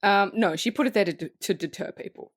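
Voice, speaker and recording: A woman co-hosting a podcast, recapping a film in casual, profane, animated chat. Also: medium pitch, fast talker, dry recording, studio quality. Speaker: podcast co-host.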